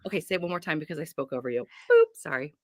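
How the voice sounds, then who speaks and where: A woman's voice: sits low, wildly swooping pitch, fast. A woman from North Carolina hosting a livestream book chat, bubbly and gushing, laughing often. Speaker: host. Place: home.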